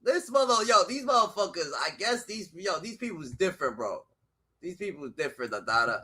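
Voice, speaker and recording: Brief: male streamer, high bright voice, swings wildly, cursing rants on a live reaction stream. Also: lively intonation, fairly quick. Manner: loud, heated, swears constantly, jumps between shouting and muttering.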